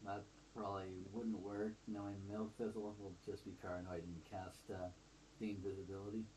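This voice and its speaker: A man with a fairly low voice plays his character in a tabletop game. He speaks casually and thinks out loud. A faint noise sits behind him. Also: level tone, normal speed, poor audio. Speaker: player.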